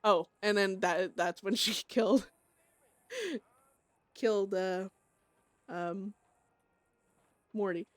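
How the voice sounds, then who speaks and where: A woman's voice: medium pitch, fairly even intonation, takes it slowly, long pauses, no echo. A young woman streamer casually recapping a roleplay scene, rambling with lots of fillers and swearing.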